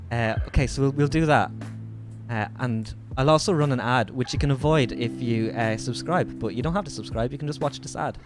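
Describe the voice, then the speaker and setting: A livestreamer chatting casually with the audience in a playful, joking way, with casual swearing. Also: mid-range voice.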